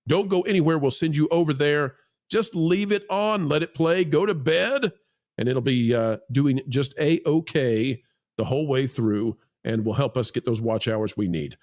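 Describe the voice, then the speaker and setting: A man's voice: fairly high pitch, measured pace, a little mellow. A man hosting a live online panel show, joking and teasing his co-hosts between plugs and reading out donations. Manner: jokey, teasing, rambling with fillers. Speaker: livestream host. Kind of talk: casual livestream panel chat.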